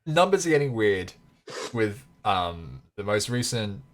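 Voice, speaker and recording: A man co-hosting a casual gaming podcast, calmly explaining game stats with dry little asides. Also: on the low side, unhurried, slight background noise. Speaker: podcast co-host. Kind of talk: casual chat.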